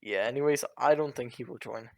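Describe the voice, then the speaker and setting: A man's voice: medium pitch, brisk, vocal fry, dry recording. A young man with a Czech accent chatting casually on a voice call, laughing often and restarting his sentences. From Czech Republic. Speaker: online roleplay group leader. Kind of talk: casual voice chat.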